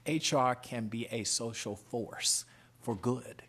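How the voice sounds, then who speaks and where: A man's voice: medium pitch, fairly even intonation, normal speed, fairly bright tone, husky. A middle-aged man heading a professional association, giving earnest, emphatic testimony at a legislative hearing in short punchy statements.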